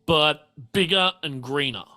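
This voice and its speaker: A man running a tabletop game, describing scenes in a meandering way with many fillers and restarts. His voice is bright and slightly high, and his pace is slow and unhurried. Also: faint music behind. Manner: rambling, full of fillers. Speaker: game master.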